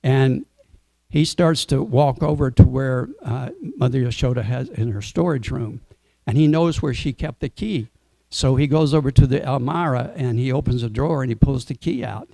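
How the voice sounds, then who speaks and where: A man with a gravelly, low-lying timbre tells a devotional story to a gathered audience. His tone is dark and mellow, and the sound is dry and close. He talks in a relaxed way and now and then asks the listeners questions. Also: moderate pace, no room sound. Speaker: speaker at a temple Sunday program. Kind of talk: storytelling sermon.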